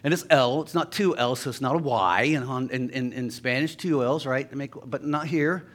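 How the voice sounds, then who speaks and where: A pastor preaching a sermon in a church, talking to the congregation conversationally and telling jokey stories. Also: male voice, mid-range voice, moderate pace, fairly bright tone. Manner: conversational, joking storytelling.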